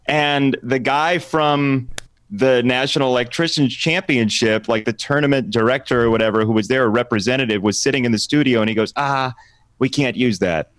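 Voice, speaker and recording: A man who works as a play-by-play sports announcer, telling a funny story as a guest on a casual chat show, self-deprecating and lively when he quotes himself. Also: medium pitch, moderate pace, no room sound.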